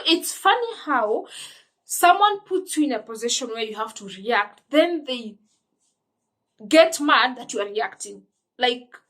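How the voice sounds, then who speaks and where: A woman's voice: fairly high pitch, fairly bright tone. A young woman with a Kenyan accent telling a personal story in an emphatic, indignant way, often restarting her sentences. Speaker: vlogger. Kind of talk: storytime monologue.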